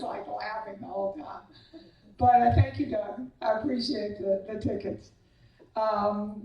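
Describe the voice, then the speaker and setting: A woman giving a banquet acceptance speech, telling animated, self-deprecating anecdotes as a tennis coach. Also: mid-range voice. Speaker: hall of fame inductee, tennis coach. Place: large banquet hall. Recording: echoey hall, voice far from the mic.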